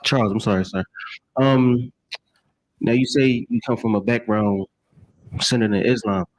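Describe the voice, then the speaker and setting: A man's voice: lowish voice, steady tone, unhurried, dry recording, poor audio. A man from the audience politely asking the panel a question.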